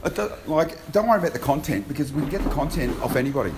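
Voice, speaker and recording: A man's voice: on the high side, very animated, big-room sound, background noise. A young man, chatting and swearing with friends while walking outdoors. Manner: sweary, laughing, fast retelling. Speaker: podcast host. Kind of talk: casual chat while walking. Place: outdoors on a campus.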